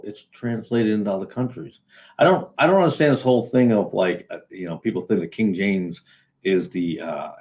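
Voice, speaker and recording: Sarcastic New England man, lowish voice. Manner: sarcastic, rambling with fillers and restarts. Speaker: video host. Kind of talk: casual solo commentary.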